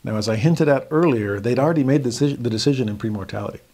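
A religion teacher gives a scripture lesson in an earnest, explanatory way, speaking very fast in a warm, medium-pitched voice. He raises his voice when acting out the students he quotes.

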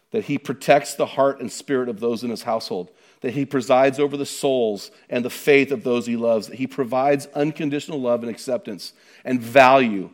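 A middle-aged man preaching a sermon, emphatic and conversational, with frequent rhetorical questions to the congregation. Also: mid-range voice. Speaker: pastor.

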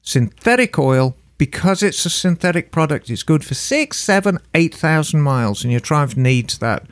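A man's voice: a little high, normal speed. A man co-hosting a podcast, giving emphatic, casual advice. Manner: emphatic, animated explainer. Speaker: podcast co-host.

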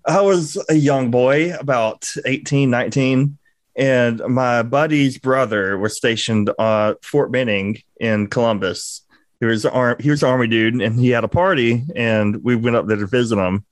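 On a podcast, a young Georgia co-host trades casual banter, laughing a lot through a crude story. He speaks at normal speed in a mid-range voice, and there's no echo.

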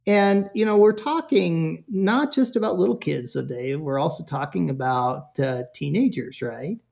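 A man speaking as a guest parenting expert in a casual interview, telling animated stories with jokes and little acted-out voices. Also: a little high, unhurried, gravelly, muffled recording. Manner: animated storyteller, acts out voices, jokey.

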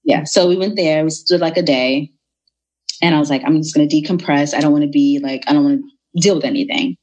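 A young woman telling a personal story in a casual, animated way, acting out the people in it. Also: low voice, quick pace. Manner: animated, retells dialogue in voices.

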